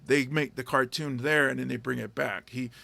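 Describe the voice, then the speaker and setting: A man's voice: mid-range voice, steady tone, normal speed, gravelly, sharp tone. A man hosting a casual talk, telling long rambling stories with lots of fillers and restarts. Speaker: podcast host and stand-up comedian. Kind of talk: casual storytelling chat.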